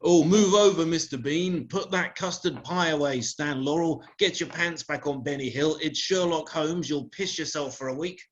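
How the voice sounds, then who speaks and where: A man acting out a rude, boastful detective with a British accent, in a slightly high voice. He talks in a brash, crude way. The live recording sounds dull and lo-fi. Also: normal speed, few pauses, fairly bright tone, close to an everyday voice. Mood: scornful. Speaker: sketch performer. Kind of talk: live comedy sketch.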